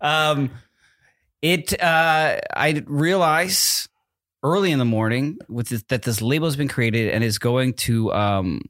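A man's voice: medium pitch, slow pace, a bit bright, dry recording, studio quality. A man in his thirties, co-hosting a podcast in casual chat, rambling through a story with many fillers and acted-out quotes. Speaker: podcast co-host.

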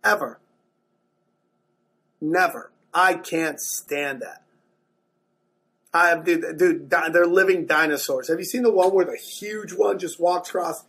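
A man doing stand-up, telling a profane story in an animated way, dropping to mumbled asides and jumping to loud bursts. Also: on the high side, slow pace, pauses often, breathy edge. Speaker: stand-up comedian.

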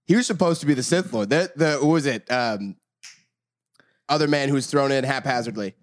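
A man co-hosting a casual group chat, telling animated stories and laughing as he talks. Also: mid-range voice, fairly quick. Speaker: podcast co-host.

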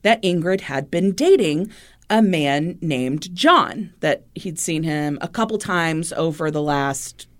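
A woman's voice: low voice, expressive, slow. A woman co-hosting a podcast, telling a true-crime story in a chatty way, with easy laughs and loose fillers. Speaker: podcast co-host.

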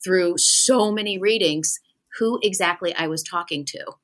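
Young adult woman medium, podcast guest. Bright, forceful tone, chatty and animated, acts out the voices in her stories. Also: on the low side, unhurried. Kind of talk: casual podcast storytelling.

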